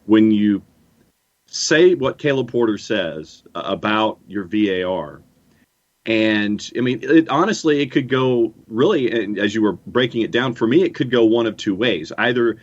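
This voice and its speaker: Lower-voiced man musing hesitantly on soccer. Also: normal speed, dull audio. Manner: thoughtful, hesitant, weighs options. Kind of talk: casual sports talk.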